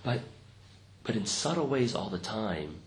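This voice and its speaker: A man's voice: fairly low pitch, very animated, measured pace. A man teaching meditation to a group in an informal, reflective talk, often checking in with "right?". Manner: reflective, conversational, tags many sentences with "right?". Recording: roomy recording with faint noise.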